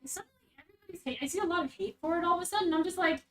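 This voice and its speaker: A woman hosting a casual stream, reacting to a story with rambling, animated chat and the odd swear. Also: extremely high pitch, racing, crowd noise, low-quality recording. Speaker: stream host reacting to a web serial.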